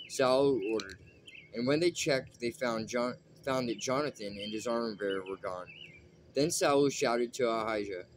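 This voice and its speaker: A man reading scripture aloud at a steady pace, with a few small slips. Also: fairly low pitch, normal speed, slight background noise. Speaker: Bible reader.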